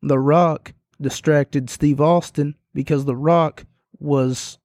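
A man hosting a casual solo podcast, talking in a monotone while losing his voice and sounding hoarse. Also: fairly high pitch, takes it slowly, dry recording, studio quality. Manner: monotone delivery. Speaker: podcast host.

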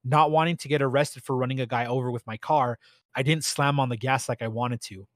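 A man's voice: medium pitch, fairly quick, no room sound. Man reading a story in a dry voice. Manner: steady, plain reading with slight stumbles. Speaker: story narrator. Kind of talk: reading a first-person story aloud.

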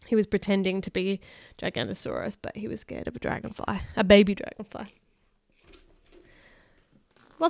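On her children's book podcast, a woman with a fairly high voice reads a picture book aloud and playfully banters with a child, captured in a dry recording.

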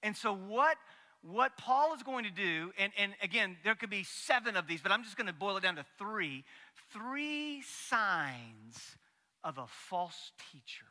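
A man's voice: high voice, lively intonation, moderate pace, sharp tone. A man preaching a sermon as pastor, folksy and joking, with asides to the congregation. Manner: folksy and joking, acts out story voices. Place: church sanctuary. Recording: long hall reverb.

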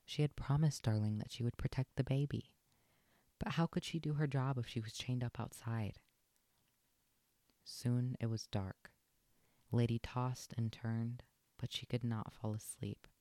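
A man narrating a children's storybook aloud in an expressive, lilting read. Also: mid-range voice, measured pace, long pauses, no echo.

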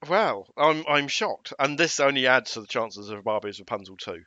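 A man's voice: medium pitch, animated, moderate pace, pushed and bright, dry recording, highs cut off. A man co-hosting a podcast, chatting casually with wry, mock-outraged humour and stammered restarts. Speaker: podcast co-host. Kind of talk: casual chat.

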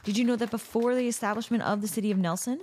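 A woman hosting a podcast in a casual, chatty way, playful and quick to break into silly asides. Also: fairly high pitch, steady tone, a little mellow. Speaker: podcast host. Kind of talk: casual chat.

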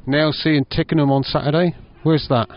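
A man's voice: a little high, fairly even intonation, a little fast, highs cut off, soft background music. A man interviewing a footballer in a friendly way, ending questions with tag questions. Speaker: co-host interviewing a player. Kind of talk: casual sports interview.

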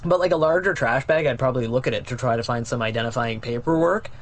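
A man's voice: mid-range voice, fast talker. A man co-hosting a podcast in casual news-chat style, rambling and joking, with plenty of swearing. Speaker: podcast co-host.

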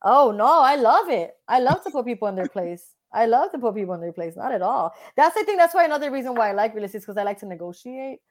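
A woman realtor talking casually in an interview, blunt and animated, often acting out what other people said. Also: a little high, quick pace, few pauses.

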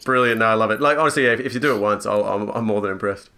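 A man's voice: fairly low pitch, rapid-fire, gravelly, pushed and bright. A man hosting a podcast in casual chat, teasing, enthusiastic and often laughing.

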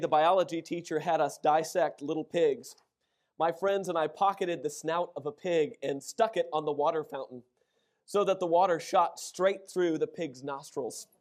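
A middle-aged man preaching a sermon, telling funny personal stories with lively acted-out quotes. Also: fairly high pitch. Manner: animated storytelling, acts out shouted quotes. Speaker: pastor.

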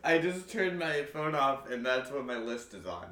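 A man in a casual podcast chat as a guest, joking quickly and laughing often. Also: mid-range voice, very animated, distant mic, a crowd in the background. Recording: echoey room, off mic.

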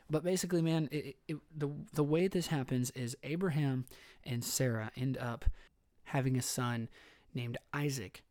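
A man's voice: mid-range voice, darkish tone, dry recording. Casual male podcast host, conversational storyteller with frequent laughs, dry close-mic sound. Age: adult father. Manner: chatty, laughs often, restarts sentences. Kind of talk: casual Bible story retelling. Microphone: studio microphone.

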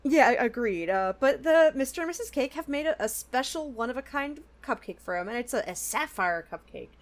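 A woman's voice: high-pitched, a little fast. A young woman co-hosting a podcast, chatting casually and laughing often as she recaps a cartoon episode. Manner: bubbly, laughs often, animated storytelling. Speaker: podcast co-host.

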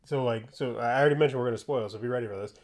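A man's voice: mid-range voice, very fast, a little mellow. A man co-hosting a podcast in casual chat, talking loosely with many fillers and restarts. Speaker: podcast co-host.

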